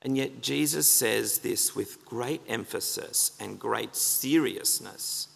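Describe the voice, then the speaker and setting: A man's voice: medium pitch, expressive, measured pace, creaky, few pauses, fairly bright tone. A man preaching an earnest, emphatic sermon in a church, asking the congregation rhetorical questions. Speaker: pastor. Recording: long reverb of a church hall.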